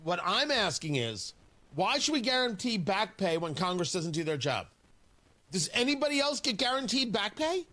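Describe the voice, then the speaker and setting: Talk radio guy, high bright voice, bounces all over, sarcastic and fired up. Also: very animated, normal speed. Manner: indignant, sarcastic, emphatic. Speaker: radio talk show host. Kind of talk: opinionated talk radio monologue. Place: radio studio. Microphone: studio microphone.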